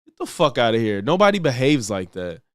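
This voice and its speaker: A man's voice: mid-range voice, very animated, brisk, dry recording, studio quality. Blunt, profane man reacting to clips. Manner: blunt, profane, mocking impressions of others. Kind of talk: casual reaction commentary.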